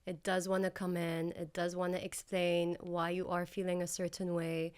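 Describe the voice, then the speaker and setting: Calm woman with a smooth, steady voice. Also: lowish voice. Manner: calm, measured, reflective. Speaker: guest, healing practitioner. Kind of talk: thoughtful conversational talk.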